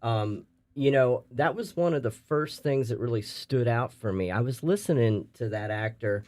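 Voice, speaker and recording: A man co-hosting a chat, speaking haltingly with frequent restarts and fillers. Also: medium pitch, expressive, darkish tone. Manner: halting, many restarts and "you know". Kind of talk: casual chat.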